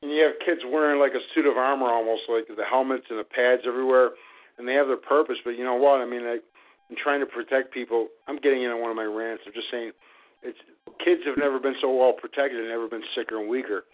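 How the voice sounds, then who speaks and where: A man talks on a narrow, tinny phone line at an ordinary pitch. He rambles through long rants, circling back with fillers as he goes. It sounds like a casual call-in chat. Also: fairly even intonation, quick pace. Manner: rambling, ranting, lots of fillers.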